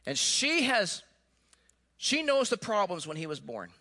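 Brief: male pastor, sermon, high-pitched and bright, animated storyteller. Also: measured pace. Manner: animated storytelling, then quiet and earnest.

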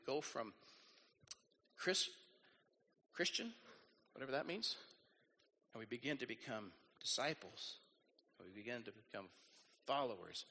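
A man preaching a sermon as pastor, lively and acting out the people he quotes. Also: medium pitch, big-room sound, a little hiss or hum. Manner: animated, acts out quoted voices.

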